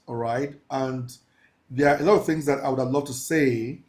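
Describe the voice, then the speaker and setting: A man teaching a mentorship class, talking in a preachy, emphatic way, slowing down to stress key phrases and laughing with his students. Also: medium pitch, fairly even intonation, a little mellow. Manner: laughs often, casual asides to the class. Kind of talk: live class lecture.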